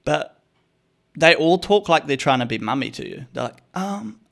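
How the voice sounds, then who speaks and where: A man's voice: medium pitch, moderate pace, creaky. Young male host, casual comic storyteller, profane and slangy, talks straight to the listener. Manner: animated, swearing, slangy, addresses listener as bro. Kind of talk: casual comedic storytelling rant.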